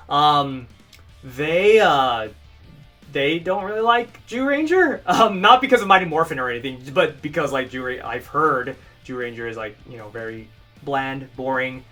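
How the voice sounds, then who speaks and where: Young man, excited rambling fan chat, bright tense voice, faint music behind. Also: a little high. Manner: rambling, gushing, breaks into animated outbursts. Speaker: fan channel co-host. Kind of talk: excited casual fan commentary.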